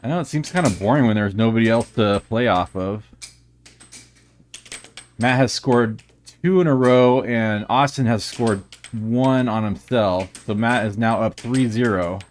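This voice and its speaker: A man's voice: mid-range voice, unhurried, slight background noise. A man doing live play-by-play commentary on an air hockey match in a joking, playful manner.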